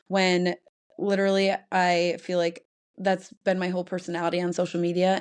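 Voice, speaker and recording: A young woman hosts her own podcast, chatting alone in a casual, rambling style and laughing often. Her voice is lowish and a little mellow.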